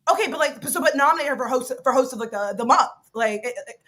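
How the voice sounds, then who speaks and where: A woman co-hosting a casual podcast, excitable and bubbly, jumping between thoughts. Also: high voice, fast. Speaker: podcast co-host.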